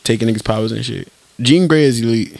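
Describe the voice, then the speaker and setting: A man's voice: medium pitch, fast talker, creaky, a little mellow, no room sound. A young man bantering casually as a podcast co-host, laughing often and talking in slang.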